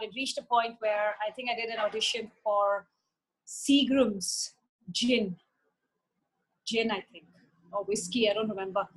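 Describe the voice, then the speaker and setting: A woman's voice: on the high side, a bit bright, poor audio. A woman, chatting as an interview guest and retelling old stories with quoted voices. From India. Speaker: interview guest, former model. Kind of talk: casual storytelling.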